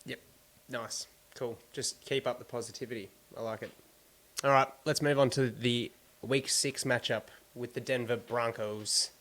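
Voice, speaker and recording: A man's voice: mid-range voice, fairly even intonation, moderate pace, a bit bright. A man with an Australian accent hosting a casual sports podcast, running through team news in an easygoing way. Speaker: podcast host.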